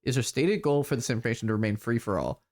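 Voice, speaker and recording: Man reading a flat automated phone message. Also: mid-range voice, rapid-fire, slight background noise, lightly acted. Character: monotone automated message voice, male. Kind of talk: reading game text aloud.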